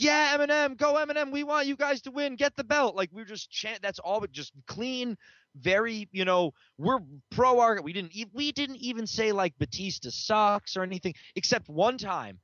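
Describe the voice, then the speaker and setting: A man's voice: a little high, fairly bright tone, no room sound, dull audio. A man co-hosting a podcast, telling a story with lots of swearing and laughter. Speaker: podcast co-host. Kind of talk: casual podcast banter.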